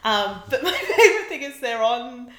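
A woman's voice: on the high side, very animated, normal speed, fairly bright tone, echoey room. A woman co-hosting a podcast, casually recapping a TV episode, laughing often and swearing freely. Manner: laughs often, swears, acts out characters in quotes. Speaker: podcast co-host.

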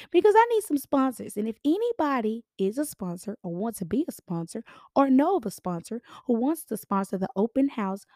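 A hoarse woman in her thirties with a raspy voice, hosting a casual podcast and chatting to listeners as y'all. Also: medium pitch, no echo, studio quality. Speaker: podcast host, realtor.

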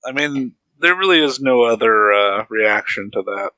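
A man co-hosting a podcast with blunt, sardonic asides and casual swearing. His voice is bright and forceful at a middle pitch. The sound is dry and close. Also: animated, normal speed, no echo, low-quality recording. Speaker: podcast co-host. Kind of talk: casual chat.

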